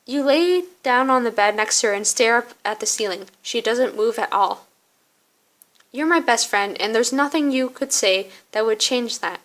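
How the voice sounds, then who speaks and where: A woman's voice: fairly high pitch, normal speed, fairly bright tone. A woman reading a choice-based story game aloud, narrating and speaking her own character's lines in an earnest, conversational way.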